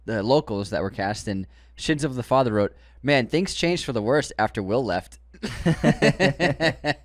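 A man's voice: fairly low pitch, dry recording, studio quality. A man with a Boston accent co-hosting a podcast, casually reading listener comments and laughing often. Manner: animated, laughs often, quotes comments in put-on voices. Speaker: podcast co-host.

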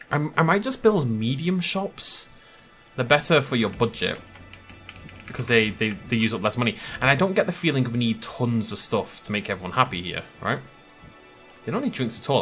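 Brief: young gaming commentator, animated delivery, bright and forceful, chatty and self-amused. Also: male voice, medium pitch. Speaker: gaming YouTuber. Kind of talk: casual gameplay commentary.

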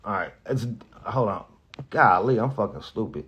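A man's voice: on the low side, expressive, moderate pace, fairly bright tone. A man, a radio host, talks casually and rambles with lots of profanity, often restarting his sentences and getting emotional. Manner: emotional, near tears at times. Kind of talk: casual spoken farewell message.

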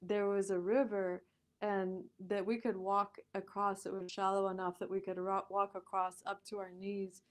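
An animated woman recounts her experience as a podcast guest, with her voice sitting at an ordinary middle pitch. She talks in a loose, conversational way, peppered with fillers, and breaks into laughter often. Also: moderate pace. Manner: animated, laughs often, lots of "like" and "you know". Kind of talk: conversational storytelling.

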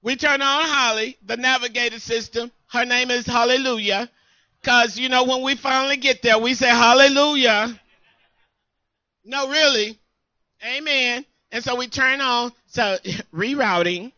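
A woman co-pastor preaching a sermon in an emphatic call-and-response style, often pausing for her congregation to answer. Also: on the high side, steady tone, sharp tone, dry recording, highs cut off.

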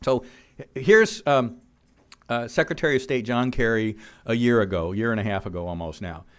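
A man giving an earnest policy presentation to a live audience in a room, reading quotes aloud and pausing on frequent fillers. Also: mid-range voice, fairly bright tone, smooth. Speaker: policy speaker.

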